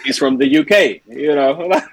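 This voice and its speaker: A man's voice: a little high, wildly swooping pitch, slow, vocal fry, breathy edge, no echo. A man co-hosting a podcast, talking emphatically and repeating himself in casual chat. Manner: emphatic, repeats himself, laughs through stories. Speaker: podcast co-host.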